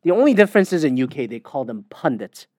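A man's voice: on the high side, big pitch swings, fast, darkish tone, no echo, clean studio sound. A man from the United States hosting a podcast alone, ranting in a heated, profane, rambling way. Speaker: podcast host. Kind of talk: casual solo rant.

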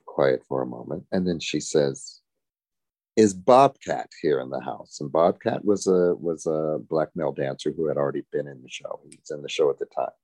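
Very deep-voiced older man telling stories. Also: brisk, hardly any pauses, mellow, slightly rough. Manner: reflective, chuckling, frequent "you know". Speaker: former show dancer. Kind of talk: storytelling in an interview.

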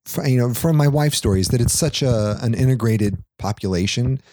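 A man's voice: medium pitch, normal speed, dark tone, no echo, studio quality. A man co-hosting a podcast, telling a rambling story in casual chat, laughing often and swearing offhandedly. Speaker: podcast co-host.

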